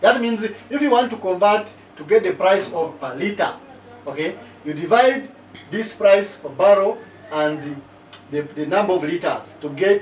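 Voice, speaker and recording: Man, high pitch, far from the mic, roomy echo, keeps checking in with "okay?". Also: slight background noise. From Uganda. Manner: repeats "okay?" to check listeners follow, works figures out aloud. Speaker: political commentator. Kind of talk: explanatory talk to camera. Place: living in South Africa.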